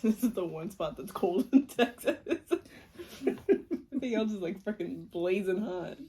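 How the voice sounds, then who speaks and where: A woman co-hosts a relaxed, comedic podcast chat with a lively, bouncing pitch. She talks slowly and teases her partner, laughing easily. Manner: teasing, quick to laugh, asks questions. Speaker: podcast co-host.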